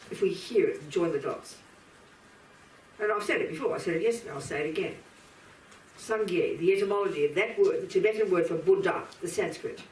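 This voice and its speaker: A woman's voice: mid-range voice, a little hiss or hum. Blunt woman teaching in a roomy hall. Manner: blunt, emphatic, talks straight to listeners. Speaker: Buddhist teacher. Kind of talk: live dharma lecture to an audience. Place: teaching room with audience. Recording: roomy hall from a distance, faint ambience.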